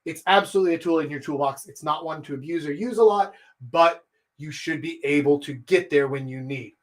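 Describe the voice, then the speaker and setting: A man from Texas, in his thirties or older, giving a live-streamed dating coaching talk, animated and blunt, swinging his pitch and volume to show his points. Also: a little fast. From Texas, USA.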